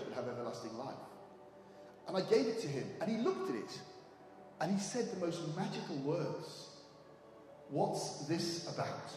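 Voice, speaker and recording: A man preaching a sermon in a church, telling stories quietly and then raising his voice to urge the congregation on. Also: on the high side, a little hiss or hum. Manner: swings from hushed storytelling to raised exhortation. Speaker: visiting preacher. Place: church hall. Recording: echoey hall, mic at a distance.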